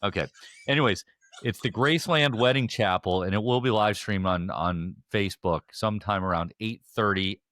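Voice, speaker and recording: A man's voice: fairly low pitch, normal speed, fairly bright tone, no room sound, studio quality. A man hosting a casual podcast chat, rambling with many fillers and restarts. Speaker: podcast host.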